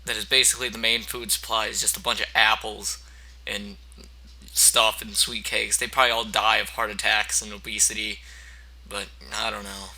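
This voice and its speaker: Gravelly crude rambling man. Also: lowish voice, level tone, moderate pace, sharp tone, poor audio. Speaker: parody storyteller. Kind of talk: mock audiobook reading.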